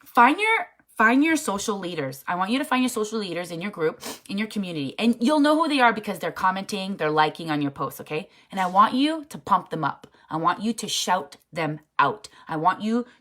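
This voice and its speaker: A woman's voice: mid-range voice, big pitch swings, brisk, fairly bright tone. Frank, chatty woman coaching her sales team, emphatic and casual, mid-range voice. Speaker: network marketing team leader. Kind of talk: casual motivational talk.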